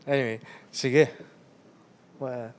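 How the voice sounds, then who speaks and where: A Filipino man hosting a podcast, relaxed and unhurried, asking thoughtful questions and mixing Tagalog with English. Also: medium pitch, a crowd in the background. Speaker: podcast host. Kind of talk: casual podcast interview.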